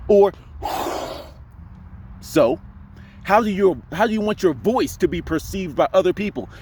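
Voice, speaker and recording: A young man giving casual voice advice to camera, emphatic and full of rhetorical questions, sometimes dropping into a deep voice to demonstrate. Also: animated, fairly quick, darkish tone, a little hiss or hum. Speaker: voice coach vlogger.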